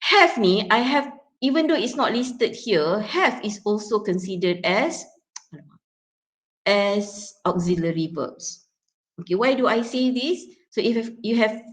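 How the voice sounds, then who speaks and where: A young woman with a Malaysian accent teaching English pronunciation in a lecture, mixing in Malay words and often checking in with "yeah?" and "okay". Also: mid-range voice. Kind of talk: classroom lecture.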